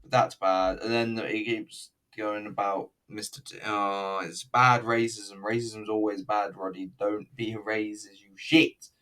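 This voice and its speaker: A man's voice: lowish voice, level tone, measured pace, hardly any pauses, pushed and bright. A man giving a rambling, sweary and sarcastic commentary while reviewing a wrestling show. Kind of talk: casual commentary over a recorded show.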